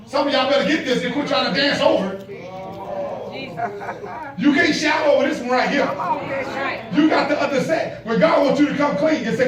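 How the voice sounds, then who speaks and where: High-pitched preacher shouting in an echoey church. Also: male voice, fairly quick, long pauses, a crowd in the background. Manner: preaching with shouted call-and-response cadence. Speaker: pastor. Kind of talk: sermon. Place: church sanctuary. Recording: echoey church hall, mic off at a distance, congregation noise. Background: congregation responding.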